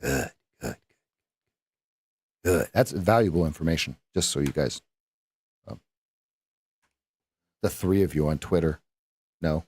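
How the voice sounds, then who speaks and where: A man's voice: extremely low pitch, slow, long pauses, darkish tone, slightly rough. A man coaching viewers through live trades on a stream, talking in a rambling, self-correcting way and throwing in playful sound effects. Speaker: trading coach. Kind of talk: live-stream market commentary.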